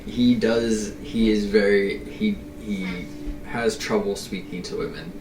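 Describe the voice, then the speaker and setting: A man's voice: lowish voice, fairly even intonation, takes it slowly, darkish tone, echoey room, recorded from a distance, a little hiss or hum, rough recording. A man narrating as game master of a tabletop game, in a casual, hesitant way.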